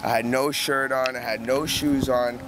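A man's voice: medium pitch, steady tone, moderate pace. Young man rambling outdoors, traffic behind. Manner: profane, rambling, heavy use of "like". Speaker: storyteller. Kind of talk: casual spoken anecdote. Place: outdoors by a canal. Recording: noisy outdoor recording with traffic. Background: outdoor street ambience with passing vehicles.

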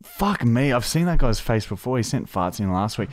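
A man's voice: mid-range voice, big pitch swings, normal speed, background noise. A man leads a crude, casual podcast chat, throwing to segments with playful emcee patter. His voice climbs and dips a lot as he hams it up. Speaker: podcast co-host running the segments.

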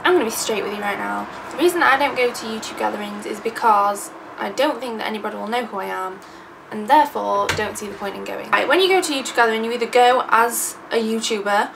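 Fast and creaky, her voice sits fairly high. A twenty-year-old-ish English YouTuber, she tackles viewer questions in a casual vlog Q&A with chatty sarcasm and self-deprecation, recorded from a distance with background noise.

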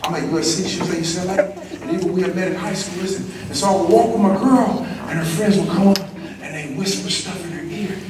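A middle-aged man with a high voice works a school assembly, full of slang and call-and-response to the crowd. His voice rings through a huge reverberant hall. He is picked up from a distance, with steady background noise. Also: quick pace. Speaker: motivational speaker. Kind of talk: school assembly motivational speech. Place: large echoey school auditorium. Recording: very echoey hall, distant mic, noisy.

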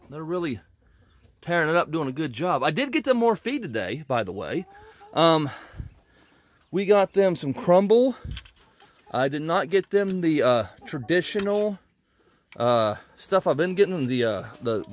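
Rambling man chatting at the animal pens. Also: a little high. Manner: rambling, talks to his animals. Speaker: homesteading vlogger. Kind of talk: casual chat while doing farm chores. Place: outdoors at backyard animal pens. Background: chickens clucking.

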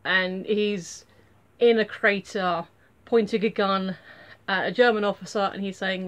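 A woman talks through her thoughts in a relaxed, unscripted review. She rambles and circles back, with plenty of fillers and restarts, and her pitch sits in an ordinary middle range. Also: measured pace, dull audio. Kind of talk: casual spoken review.

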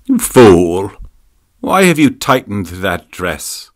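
A man voicing an imperious dying old aunt who gives orders in a weak, hushed near-whisper. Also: on the low side, very animated, takes it slowly, voice pushed up. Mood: angry.

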